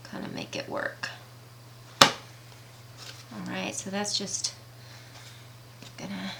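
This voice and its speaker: Slow, bright-voiced woman teaching a craft. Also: on the low side, gravelly, slight background noise. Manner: chatty, enthusiastic, slow and careful explaining. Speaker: craft demonstrator. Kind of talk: casual craft tutorial.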